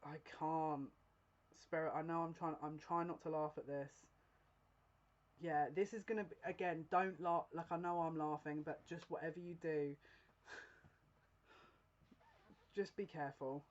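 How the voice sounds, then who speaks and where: A woman giving a casual psychic reading to her viewers. She speaks in a confiding, direct way and keeps breaking into giggles, with halting restarts. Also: deep voice, fairly even intonation, highs cut off. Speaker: psychic reader. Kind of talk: casual tarot-style general reading to camera.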